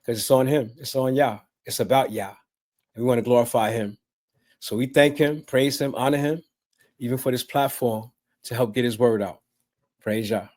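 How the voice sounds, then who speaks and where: A man closing a religious talk show with a prayer, speaking in a rhythmic, preacherly way. His voice has medium pitch. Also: normal speed, a little mellow.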